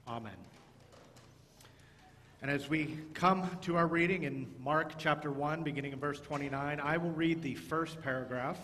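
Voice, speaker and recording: Animated pastor in a reverberant church. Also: male voice, fairly high pitch, normal speed, hardly any pauses, slight background noise. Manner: animated, speaks to children with playful emphasis. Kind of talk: children's sermon and service leading. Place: church sanctuary.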